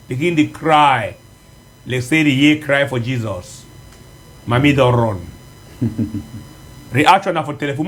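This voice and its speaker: A man with a Cameroonian Pidgin English accent, hosting radio news and a phone-in show in a lively, chatty way. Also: fairly high pitch. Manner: lively, chatty presenting with fillers. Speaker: news presenter and call-in host.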